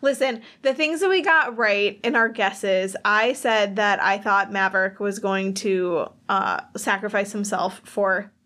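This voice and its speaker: A woman's voice: medium pitch, a little slow, few pauses, pushed and bright. A woman co-hosting a podcast, chatting easily about a movie, laughing often and trailing off mid-thought. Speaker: podcast co-host. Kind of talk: casual movie chat.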